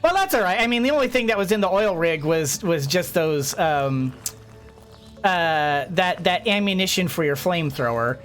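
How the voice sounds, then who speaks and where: Chatty excitable woman gaming. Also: fairly low pitch, moderate pace, faint music behind. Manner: chatty, excitable, frequent gasps and laughs. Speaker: gameplay streamer. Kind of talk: casual game commentary.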